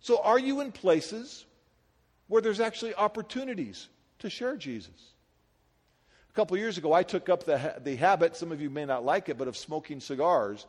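A middle-aged male pastor preaching a sermon in a lively, conversational way, firing rhetorical questions at a congregation. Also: a little high, moderate pace, big-room sound.

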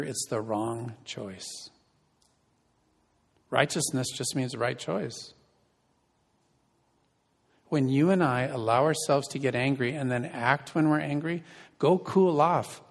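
A man preaching a sermon as pastor and counselor, conversational and asking the congregation questions. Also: medium pitch. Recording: reverberant hall.

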